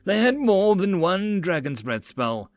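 A man's voice: sits high, big pitch swings, a little slow, dry recording, pitched above the performer's own voice. A man voicing a frightened male royal commander pleading with his lord. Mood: fearful. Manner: pleading and fearful.

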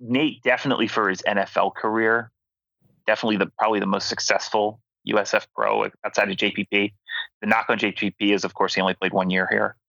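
A man's voice: on the low side, flat delivery, fast, vocal fry, bright, forceful tone, no room sound. A young man from Philadelphia co-hosting a sports podcast in easygoing casual chat, thinking aloud. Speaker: podcast co-host. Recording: dull lo-fi home recording over call.

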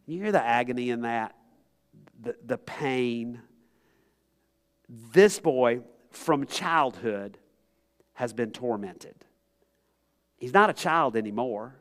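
A man preaching a sermon as pastor, impassioned, swinging between loud pleading and hushed, quiet tones. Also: mid-range voice, expressive, slow pace, pauses often.

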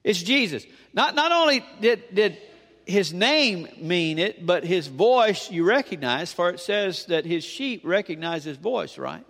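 Male pastor, high voice, animated sermon, church reverb. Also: unhurried, gravelly. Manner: animated preaching, rising and dropping emphatically. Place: church sanctuary with long reverb.

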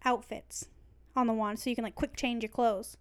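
Young female co-host, clear voice, chatty, giggly. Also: fairly high pitch, steady tone, moderate pace, fairly bright tone. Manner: bubbly, rambling, laughs often. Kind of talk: casual chat.

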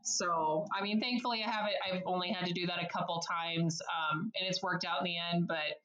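A woman's voice: fairly low pitch, fairly even intonation, a little fast, a bit bright, echoey room, muffled recording. A woman working as a service advisor, talking in a podcast interview in a bubbly, chatty way and laughing often. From United States.

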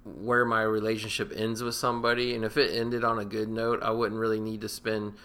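A man's voice: lowish voice, flat delivery, a little fast, a bit bright. A man co-hosting a podcast in casual chat, opinionated and sarcastic, swearing freely. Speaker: podcast co-host.

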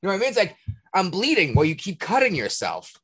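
A man hosting a podcast, ranting in casual talk, profane and indignant, with a husky voice. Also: high voice, huge pitch swings, rapid-fire, fairly bright tone. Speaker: podcast host. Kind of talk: heated casual rant.

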